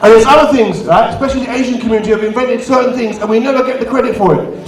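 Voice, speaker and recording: High-voiced man doing stand-up in echoey hall. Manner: banters with the crowd, quick asides. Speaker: stand-up comedian and compere. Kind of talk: live stand-up comedy. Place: community venue hall. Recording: echoey hall, distant mic, audience.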